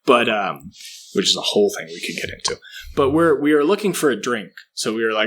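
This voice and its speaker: A podcast co-host rants profanely and does mocking impressions on a casual comedy show. His medium-pitched voice is expressive and fairly bright, and he talks a little fast.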